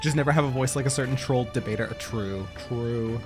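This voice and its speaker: A man streaming a game, chatting casually with his chat, animated, laughing often and swearing freely. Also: mid-range voice, fairly quick, music in the background.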